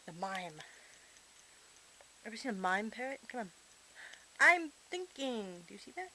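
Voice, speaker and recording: A woman's voice: fairly high pitch, very animated, a little slow, pauses often, sharp tone. A woman filming her pet bird at home, coaxing and teasing it in a playful, casual way. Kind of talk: casual talk to a pet on camera. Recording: noisy home camcorder audio.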